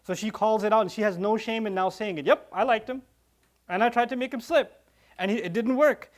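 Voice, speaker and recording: Fast-talking animated male preacher. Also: sits high. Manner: animated, acts out quoted characters; recites Arabic verses quickly. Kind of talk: nightly religious reminder, storytelling.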